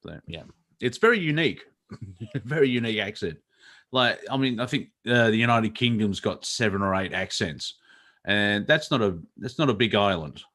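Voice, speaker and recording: A man's voice: on the low side, lively intonation, normal speed, pushed and bright. A man riffs loosely on a casual comedy show. He rambles from one thing to the next and laughs his way through his own sentences, in an irreverent, joking way. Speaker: co-host.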